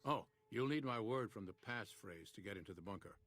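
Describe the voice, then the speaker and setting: An actor playing a calm, methodical male scientist in a video game, speaking in a measured, clinical way. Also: fairly low pitch.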